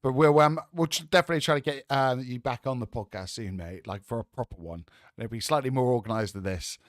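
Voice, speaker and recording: A man's voice: mid-range voice, fast, no room sound. Man, host, casual chatty talk, friendly, lots of fillers, dry close sound. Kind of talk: casual chat.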